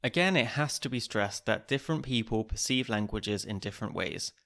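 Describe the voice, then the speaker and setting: A man hosting a podcast, reading scripted narration with a measured, even delivery. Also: fairly low pitch, creaky.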